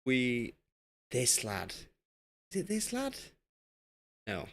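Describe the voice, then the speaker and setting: A young man from Yorkshire talks casually to his viewers as he streams, excitable and chatty. His pitch swings lively up and down as he reacts to the chat. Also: very slow. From Yorkshire, England. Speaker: game streamer. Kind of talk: casual live-stream commentary.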